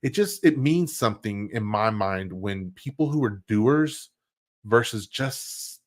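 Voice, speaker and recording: A man's voice: lowish voice, animated, measured pace, a little mellow. A man hosting a podcast livestream, chatting casually with an upbeat, rambling, enthusiastic manner. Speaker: podcast host.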